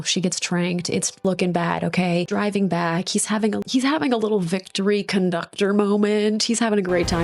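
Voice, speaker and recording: A woman recapping a horror film in casual chat, joking and swearing freely. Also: medium pitch. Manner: joking, profane and animated.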